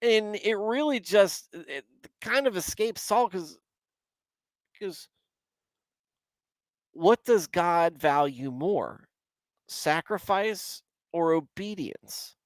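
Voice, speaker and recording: A man's voice: high-pitched, animated, slow, long pauses, no echo. Rambling man talking scripture. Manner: rambling, many restarts and fillers; chats with live viewers. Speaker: host. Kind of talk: casual livestream Bible commentary.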